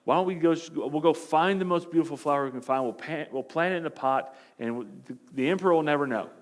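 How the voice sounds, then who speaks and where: A male pastor voicing a worried father in a parable, speaking a little higher. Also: quick pace, natural voice. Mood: urgent. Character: worried father pushing his son.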